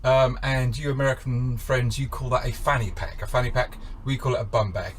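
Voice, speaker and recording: A man's voice: mid-range voice, fairly even intonation, a little fast, slight background noise. A middle-aged Englishman with an English accent, hosting a campervan channel in a wry, self-mocking, rambling monologue. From England.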